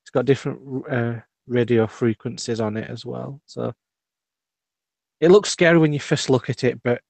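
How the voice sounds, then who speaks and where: Soft-spoken man on a dry call. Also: medium pitch, fairly even intonation, moderate pace, vocal fry, no room sound. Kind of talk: casual video-call chat.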